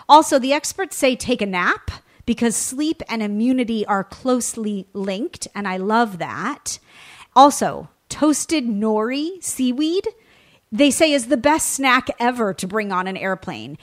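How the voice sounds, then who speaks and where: A woman's voice: on the high side, fairly bright tone. A woman hosting a radio food show, talking in an effusive, gushing way.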